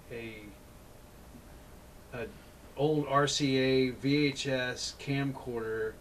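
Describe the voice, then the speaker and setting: A man's voice: medium pitch, slight background noise, low-quality recording. A man hosting a casual talk show, telling long rambling stories full of restarts. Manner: rambling anecdotes with many restarts. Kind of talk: casual chat.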